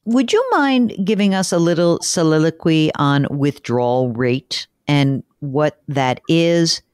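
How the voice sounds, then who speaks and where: A woman hosting a money talk show, brisk and chatty with a teasing edge as she introduces and questions her guest. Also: deep voice, a little mellow, smooth, dry recording, studio quality. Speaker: radio show host. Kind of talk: finance talk show interview.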